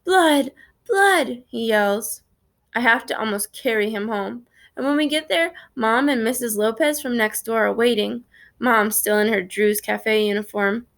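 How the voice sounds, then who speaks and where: A woman reading a storybook aloud in a steady first-person narration. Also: on the high side, normal speed, vocal fry. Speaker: reader.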